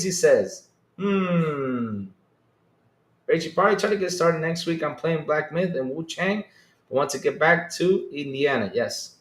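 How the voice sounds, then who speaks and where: A man's voice: a little high, animated, a little slow, roomy sound. A man hosting a podcast in casual live-stream chat, rambling and reading out chat messages. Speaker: podcast host.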